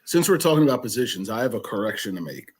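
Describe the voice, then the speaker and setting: Deadpan man trading quips. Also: lowish voice, quick pace. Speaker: podcast co-host. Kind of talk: casual comedic chat.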